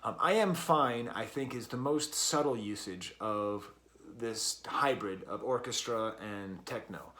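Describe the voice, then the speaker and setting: A man's voice: fairly low pitch, unhurried, fairly bright tone. A man reviewing an album in a casual, rambling way, with many fillers and restarts. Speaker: music reviewer.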